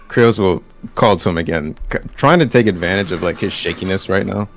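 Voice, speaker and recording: A man playing a tabletop game, casually describing his character's moves. His voice is very deep and gravelly. Faint music plays behind him. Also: a little fast. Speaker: player.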